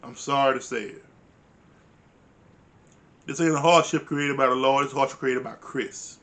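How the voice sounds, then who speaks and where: A man's voice: medium pitch, fairly even intonation, normal speed, fairly bright tone. A man giving a casual recap of a reality show, blunt, profane and exasperated, with informal grammar. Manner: uses informal dialect grammar. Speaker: reality TV reviewer.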